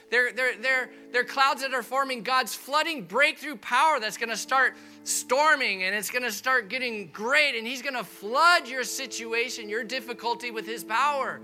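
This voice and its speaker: A man preaching a sermon in a church, urging his congregation on with fervent, repetitive exhortation that swells to loud preaching. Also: very high-pitched, measured pace, faint music behind. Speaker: pastor. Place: church sanctuary.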